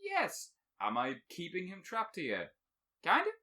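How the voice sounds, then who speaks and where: A man's voice: high-pitched, huge pitch swings, measured pace, bright, forceful tone. A man co-hosting a casual podcast, rambling and joking, laughing often. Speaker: podcast co-host.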